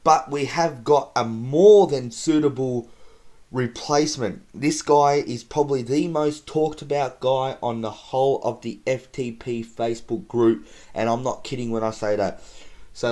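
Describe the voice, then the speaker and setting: A man's voice: mid-range voice, darkish tone. A man hosting a comedy show, teasing his guests in a mocking tone. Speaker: host.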